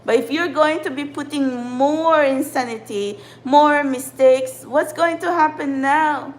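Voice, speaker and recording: A woman speaks in a high voice. She rants to her spiritual followers in an upset, frustrated tone and swears freely throughout. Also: unhurried, poor audio. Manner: ranting, frustrated, swears often. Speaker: spiritual channeler and tarot reader. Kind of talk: impassioned livestream monologue.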